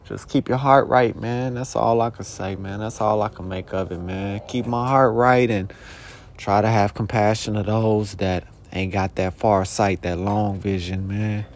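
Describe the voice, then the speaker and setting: With slight background noise, a young adult podcast host talks by himself in a meandering, foul-mouthed, streetwise way, occasionally bursting into heated shouted questions. His fairly low voice stays steady in tone and a little slow.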